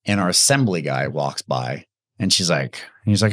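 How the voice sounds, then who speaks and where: A man hosting an interview, telling stories in an animated, conversational way. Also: low-pitched, quick pace, no room sound, studio quality. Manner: animated storyteller. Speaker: podcast host, interviewer.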